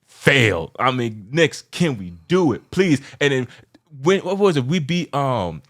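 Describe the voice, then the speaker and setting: A man from New York hosting a casual sports chat, passionate and rambling, often getting loud and worked up. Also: medium pitch, big pitch swings, a little slow. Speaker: show host.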